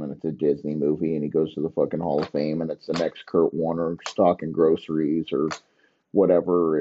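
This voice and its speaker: A man's voice: deep voice, slightly rough, dull audio. A man hosting a podcast, ranting in a crude, mocking, rambling way. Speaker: podcast host. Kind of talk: crude comedic rant.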